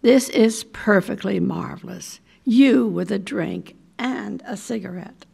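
An older woman voicing a brash, scheming middle-aged woman executive, loud and bossy in manner, from a storybook reading. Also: mid-range voice, slow pace, creaky, husky, exaggerated voice. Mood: delighted.

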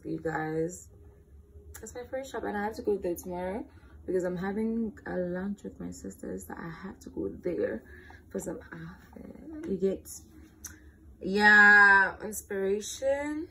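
A woman's voice: mid-range voice, unhurried, pushed and bright, husky. A young woman in her late teens with a South African accent, chatting candidly and playfully in a casual question-and-answer vlog. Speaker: vlogger.

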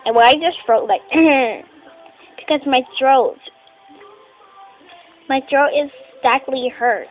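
A woman voicing teenage doll characters in a homemade skit, talking in a halting, rambling way and often clearing her throat. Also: high-pitched, narrow, tinny audio, soft background music.

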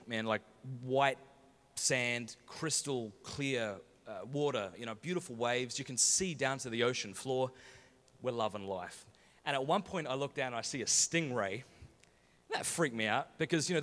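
A man with an Australian accent giving a talk, telling humorous stories in an animated, jokey way with Australian slang. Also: mid-range voice, normal speed. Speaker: conference speaker. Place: large conference hall. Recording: echoey large hall.

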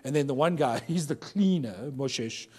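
A man's voice: mid-range voice, expressive, moderate pace, warm tone, slightly rough. A man from Durban, South Africa, telling humorous anecdotes to a live audience of pastors and acting out the people he quotes. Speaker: workshop speaker to pastors. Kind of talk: storytelling talk to a live audience. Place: large hall with an audience. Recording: long hall reverb.

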